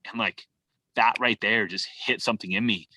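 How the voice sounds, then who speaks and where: A man's voice: on the low side, steady tone, normal speed, sharp tone, a little hiss or hum. A man from California, a podcast guest, speaking casually and from the heart, filling his talk with "like" and "man.". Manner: loose and heartfelt, full of "like" and "man". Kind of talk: casual conversation.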